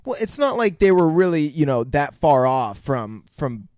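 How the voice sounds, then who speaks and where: A man's voice: on the high side, very animated, moderate pace, darkish tone, no room sound, clean studio sound. A young man co-hosting a podcast, trading crude, laid-back movie talk full of "bro" and "dude". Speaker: podcast co-host. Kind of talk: crude comedic movie-review banter.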